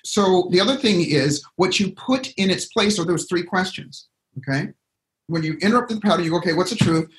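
A man coaching a group on a call, emphatic and lively, acting out the anxious voice in people's heads. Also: high-pitched, brisk. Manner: emphatic, acts out inner voices, spells words out. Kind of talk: motivational coaching talk. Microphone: call audio.

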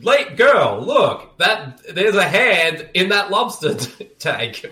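A man chats over a horror film with friends, jokey and full of trivia. His pitch swings freely and his tone is bright. The room rings with echo, with a faint hum of ambience behind. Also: very animated. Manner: jokey, trivia-sharing, quick to laugh. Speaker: podcast co-host. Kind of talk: casual movie commentary chat.

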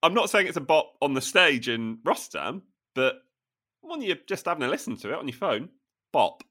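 A man co-hosts a podcast with a playful, animated delivery. His tone is bright, his pitch moves a lot, and he laughs easily. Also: moderate pace. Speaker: podcast co-host. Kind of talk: casual podcast chat.

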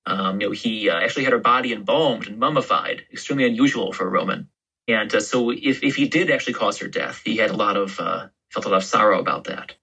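Historian guest, male, bright and slightly husky, rambling explainer. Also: lowish voice, quick pace, poor audio. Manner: explains history in long, loose storytelling turns. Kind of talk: podcast interview.

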